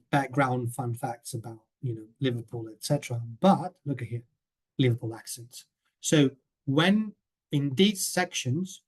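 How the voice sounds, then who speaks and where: A man's voice: medium pitch, a little mellow. A man presenting a coursebook in a webinar over a video call, chatty and often checking in with the listeners. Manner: chatty, keeps checking in with "okay?". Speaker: teacher trainer presenting a coursebook.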